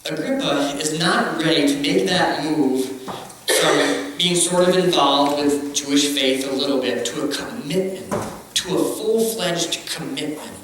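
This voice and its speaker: A man's voice: a little high, measured pace, background noise. A man preaching a conversational, joking sermon in a church, recorded from a distance in an echoey hall. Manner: conversational, joking, acts out quotes. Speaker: pastor.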